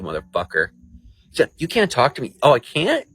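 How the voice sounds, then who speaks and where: A man's voice: mid-range voice, sing-song, moderate pace, fairly bright tone, breathy edge. A man on a livestream chatting casually with viewers, crude, profane and riled up.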